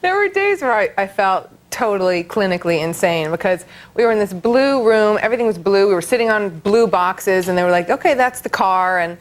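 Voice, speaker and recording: A woman's voice: medium pitch, expressive, fairly quick, few pauses, a little hiss or hum. A woman speaking as an actress guest on a late-night talk show, casual and laughing easily. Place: TV studio with live audience.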